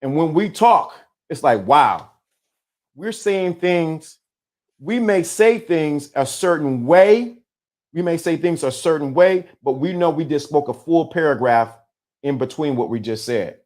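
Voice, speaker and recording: A man's voice: on the high side, expressive, measured pace, darkish tone. A middle-aged man hosting a live-streamed talk, speaking with emphatic repetition and a preacher-like cadence. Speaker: host.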